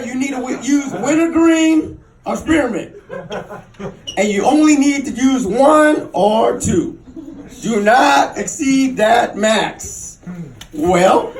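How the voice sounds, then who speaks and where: A man doing a stand-up comedy set, telling crude stories with an animated delivery and squealing into high voices for other people. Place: comedy club stage. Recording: roomy club sound, mic a bit distant.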